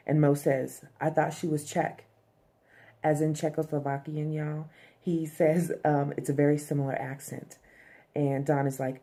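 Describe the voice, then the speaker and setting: Low, mellow-voiced woman recapping casually. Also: measured pace. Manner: chatty, frequent "um", addresses viewers as fam and y'all. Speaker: TV episode recapper.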